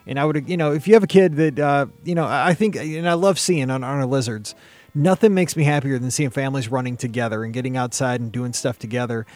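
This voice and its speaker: A man's voice: mid-range voice, fast talker, a little mellow, dry recording. A man co-hosting a podcast in casual chat, rambling with many restarts. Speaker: podcast co-host.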